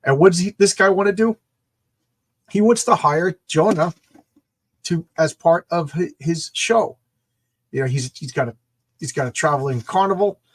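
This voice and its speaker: A man's voice: a little high, normal speed, long pauses. A man hosting a casual comic book show, enthusiastically reading and rambling over old panels. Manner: enthusiastic, rambling, laughs and restarts often.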